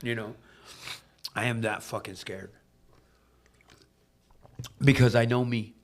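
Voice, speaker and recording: A man from Southern California in casual conversation, animated, swearing freely as he acts out both sides of a dialogue. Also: mid-range voice, takes it slowly, gravelly. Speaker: podcast guest in recovery. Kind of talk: casual storytelling.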